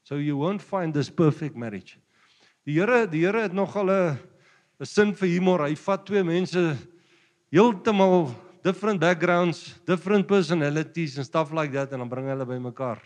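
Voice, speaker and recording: A man with a South African Afrikaans accent preaching a sermon, jovial and quick to chuckle between points. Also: on the high side, in a large hall. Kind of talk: sermon mixing Afrikaans and English.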